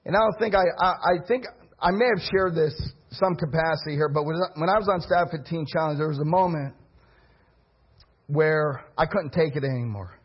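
A man preaching a sermon as pastor, alternating impassioned preaching with quiet personal storytelling. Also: on the high side, normal speed, slightly rough, lo-fi sound.

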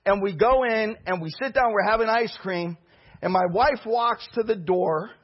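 A middle-aged male pastor with a strikingly high, husky voice tells a story from the pulpit. His delivery is animated and breaks into shouts. The recording sounds dull and lo-fi. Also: moderate pace. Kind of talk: storytelling sermon.

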